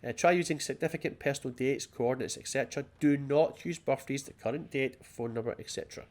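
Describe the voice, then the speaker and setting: A Scottish man commenting on gameplay, chatty and excitable, often reading in-game documents aloud. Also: mid-range voice, fast. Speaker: let's play host.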